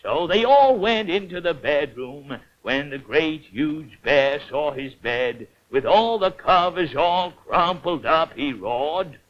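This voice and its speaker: A man's voice: on the high side, animated, slow pace, few pauses. A man narrating a fairy tale in an old cartoon, in a lilting storyteller manner. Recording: dull old cartoon soundtrack with faint hiss.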